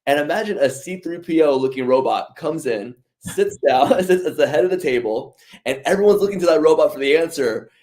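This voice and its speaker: Laughing, animated male podcast co-host. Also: a little high, brisk, few pauses. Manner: laughs often, animated storytelling. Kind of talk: casual discussion.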